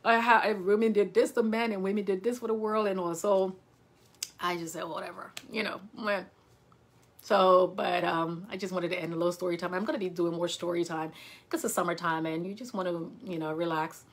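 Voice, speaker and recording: A chatty middle-aged woman from Liberia talks casually to her online viewers, slipping into animated voices when she quotes people. She speaks like a health provider winding down a relaxed livestream. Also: on the low side, a little fast. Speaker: nurse practitioner and health vlogger.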